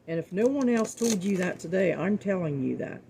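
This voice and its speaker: Middle-aged woman, gravelly and mellow, folksy faith talk to viewers, says things twice. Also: fairly low pitch, lively intonation, normal speed, a little hiss or hum. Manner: earnest, folksy, repeats words for emphasis. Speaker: cooking show host.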